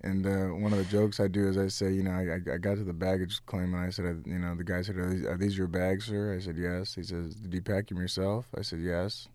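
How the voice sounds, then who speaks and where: A young adult man, a stand-up comic, chatting in an interview and retelling bits from his act, animated and quick to laugh. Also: deep voice, dry recording. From United States. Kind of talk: casual interview, telling jokes from his act.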